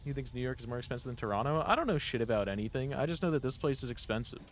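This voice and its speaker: A young man talks very fast as he streams a game, his medium-pitched voice lively in intonation. He rambles through profane stories packed with "like," and there's slight background noise.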